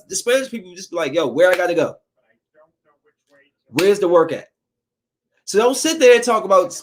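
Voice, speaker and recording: A man with a high-pitched voice rants on his podcast. He talks casually but keeps lecturing, scolding and preaching at his listeners in a heated way. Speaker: podcast host. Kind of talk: opinionated casual podcast rant.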